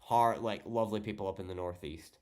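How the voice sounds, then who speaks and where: Geordie lad streaming, swears a lot, bit low-pitched, jokey blunt chat. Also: male voice, brisk, a little mellow. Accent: Geordie, northeast English. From northeast England. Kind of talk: casual livestream chat reading viewer messages.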